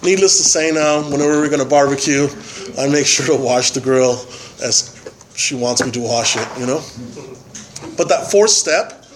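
A man giving a personal testimony at a recovery meeting, halting and full of fillers and tag questions. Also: medium pitch, noisy background. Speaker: member sharing at a recovery meeting.

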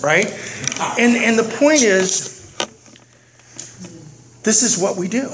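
A man's voice: sits high, background noise. A man speaking at a recovery meeting, telling a humorous, self-deprecating story to the room.

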